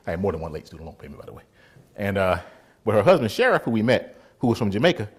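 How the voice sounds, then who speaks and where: Man, preacher, sermon storytelling, husky, very lively pitch, does voices. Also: very fast. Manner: animated, acts out other people's voices, laughs often.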